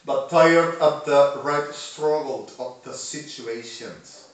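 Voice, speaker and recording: A man, delivering a rambling monologue to camera and veering from low muttering to shouting. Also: slow, distant mic. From Argentina. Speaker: vlogger. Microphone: phone camera. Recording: echoey room, voice away from mic.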